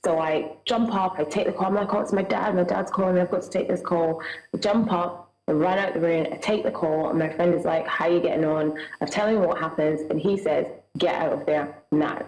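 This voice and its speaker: A woman's voice: on the low side, fairly even intonation, fairly quick, a little mellow, echoey room, faint music behind, low-quality recording. A woman with a Scottish accent, a guest recounting a personal experience in an earnest, vivid way, acting out what people said. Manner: earnest, vivid storytelling with acted-out dialogue.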